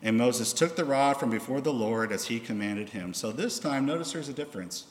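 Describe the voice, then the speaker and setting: Male preacher, mid pitch, reads scripture with raised dramatic delivery; recorded in a reverberant hall. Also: expressive, a little fast. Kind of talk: sermon with scripture reading. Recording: echoey hall.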